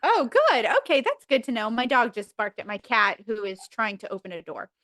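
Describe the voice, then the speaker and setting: A woman guest on a podcast, telling stories in an animated, laughing, casual way from home. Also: fairly high pitch, moderate pace, no echo. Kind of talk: casual chat.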